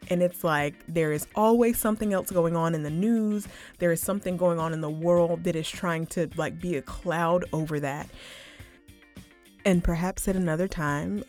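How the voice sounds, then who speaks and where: A woman's voice: low voice, a little mellow. A woman hosting a casual solo podcast, chatting informally, often saying "like" and "y'all" and swearing freely. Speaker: podcast host.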